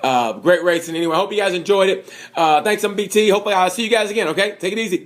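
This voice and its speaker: A man talks to the camera about a race he watched, in a casual, wandering way. He is chatty and enthusiastic, piles on fillers and asides, and keeps repeating his points. His voice sits a little high for a man. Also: racing. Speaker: vlogger reviewing a motorcycle race. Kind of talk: casual rambling commentary to camera.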